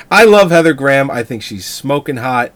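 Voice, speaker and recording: Casual male film chatter, lively swinging pitch, acts out quotes. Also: a little hiss or hum. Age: older. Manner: animated, laughing, acts out quoted lines. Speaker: podcast co-host.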